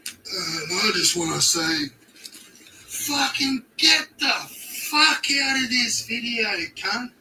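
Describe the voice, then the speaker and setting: A man's voice: very high-pitched, animated, slow, background noise, pitched above the performer's own voice, exaggerated voice. A man putting on a muddled, rude male commenter who rambles and swears nonsensically, a little far from the mic. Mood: mock rant.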